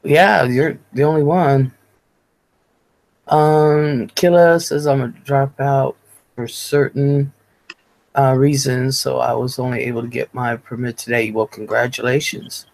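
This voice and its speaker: Gravelly-voiced woman hosting a livestream. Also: very deep voice, fairly even intonation, unhurried, a little mellow. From Ohio. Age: 40s. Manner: chatty, reads viewer comments aloud, laughs easily. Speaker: livestream host. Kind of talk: casual chat, reading out live chat.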